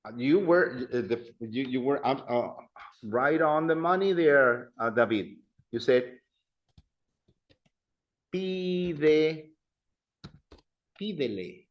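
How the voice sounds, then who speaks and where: A man teaching a grammar class, playful and animated, repeating phrases and addressing students. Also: mid-range voice, a little slow, roomy sound, lo-fi sound. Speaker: Spanish teacher.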